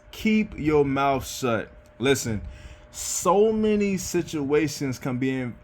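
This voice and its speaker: Earnest rambling man giving advice. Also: mid-range voice. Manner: rambling, repeats himself, keeps saying "you know what I'm saying" and "bro"; earnest, gets worked up. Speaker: vlogger giving life advice. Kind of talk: casual advice monologue.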